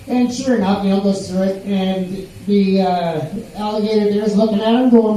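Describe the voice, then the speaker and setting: A man's voice: high voice, moderate pace, few pauses, very echoey, recorded from a distance, slight background noise, poor audio. Rambling older man on a pub stage. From Canada. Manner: rambling deadpan delivery with many fillers. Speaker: stand-up comedian. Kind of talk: stand-up set.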